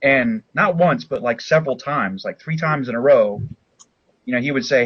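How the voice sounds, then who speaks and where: A man's voice: mid-range voice, expressive, normal speed, fairly bright tone, slightly rough, no room sound. A man speaking as a paranormal investigator guest in casual chat, chatty and laughing between phrases. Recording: dull lo-fi sound.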